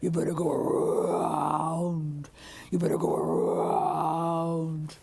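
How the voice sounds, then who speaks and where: A woman croaking as a deep old granddaddy bullfrog. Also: flat delivery, a little mellow, no echo, full character voice. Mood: warning. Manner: slow croaking chant.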